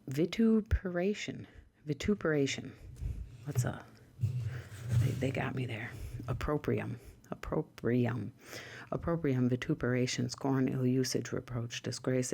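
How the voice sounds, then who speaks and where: Low-key ASMR host reading word lists aloud; rough, breathy texture, dry asides, drifts into whispers. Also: little pitch movement, moderate pace, mellow.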